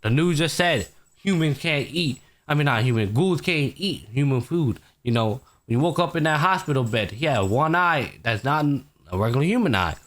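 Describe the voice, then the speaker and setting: A man's voice: mid-range voice, normal speed. A man hosting a casual anime podcast, retelling episodes with heavy swearing and acting out the characters' lines. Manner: animated storytelling, heavy swearing, acts out characters. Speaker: podcast host.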